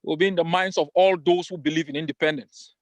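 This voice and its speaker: A political leader with a Cameroonian English accent gives an emphatic, defiant rallying speech over a video call, repeating phrases for force. His fairly high voice stays steady in tone and moves fast, with no room sound.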